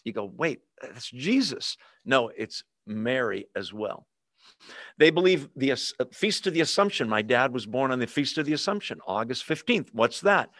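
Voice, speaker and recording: A man preaching a sermon, animated and teasing, asking rhetorical questions and acting out quotes. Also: medium pitch, moderate pace, dry recording, clean studio sound.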